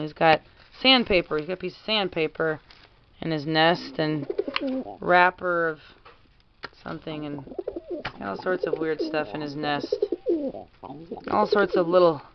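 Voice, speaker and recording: A woman with a fairly low voice chats fondly to her pet pigeon in a home vlog. Her casual talk comes through a camera mic, with dull, lo-fi sound and clear hiss behind it. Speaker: pet owner vlogger. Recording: dull lo-fi camera audio with noise.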